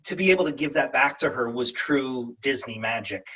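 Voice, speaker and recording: A man's voice: mid-range voice, lively intonation, a little fast, bright, forceful tone, breathy edge, distant mic, dull audio. A man, a voice actor guest, telling stories animatedly in a casual interview over a video call and slipping into character voices.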